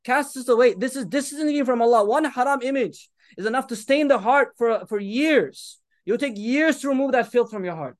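Young guy preaching a sermon, really high voice, fired up, arabic phrases all through, dry close sound. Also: fairly quick, few pauses, no echo. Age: 30s. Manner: impassioned, mixing in Arabic phrases and urging the listeners.

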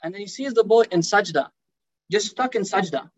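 A man's voice: sits high, lively intonation, fairly quick, poor audio. A man giving a sermon as a Muslim preacher, speaking conversationally and addressing the audience as brother.

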